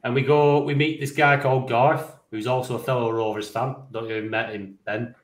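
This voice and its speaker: A man rattles through a story, rambling and lively, swearing freely and laughing as he goes. His voice sits at an ordinary middle pitch. The room around him gives it a noticeable echo. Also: fairly quick. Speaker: podcast co-host. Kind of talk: casual anecdote telling.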